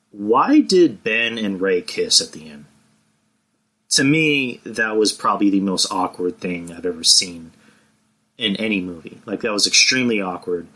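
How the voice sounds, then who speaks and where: Bright-voiced man rambling on a podcast. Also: fairly low pitch, breathy edge. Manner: rambling, restarts often, casual swearing. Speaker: podcast co-host. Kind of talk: casual podcast chat.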